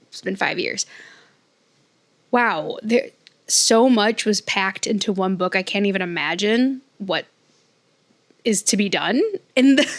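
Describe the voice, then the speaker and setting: A young woman vlogging about a novel she is reading, talking casually and rambling with lots of fillers and restarts. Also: mid-range voice. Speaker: book vlogger. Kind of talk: casual chat.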